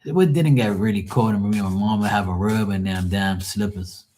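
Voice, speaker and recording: A man's voice: fairly low pitch, normal speed, warm tone, a little hiss or hum. A man hosting a live tarot stream, telling rambling family stories full of swearing and laughing asides. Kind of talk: casual storytelling livestream.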